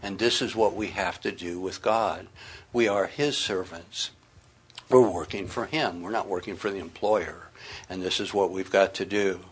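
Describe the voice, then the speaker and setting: A man's voice: low voice, moderate pace, slightly rough. A middle-aged man preaching a sermon, reading scripture aloud and speaking with earnest emphasis.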